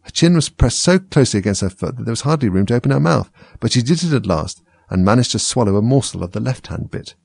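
A man reading a storybook aloud in a measured, expressive way. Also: medium pitch, creaky, husky, dry recording. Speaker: reader.

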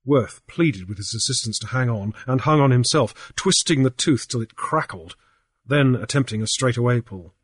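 A man reads a novel aloud in a measured, even storytelling manner. His voice is mid-pitched and slightly husky. The sound is dry and close, with no room around it. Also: dry recording. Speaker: audiobook narrator. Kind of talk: scripted narration.

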